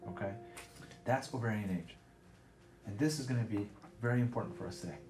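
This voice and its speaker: Male doctor, quick and reassuring, roomy sound, music bed underneath. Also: fairly low pitch. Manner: brisk, reassuring, keeps checking in. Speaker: fertility doctor. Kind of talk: explaining to a patient.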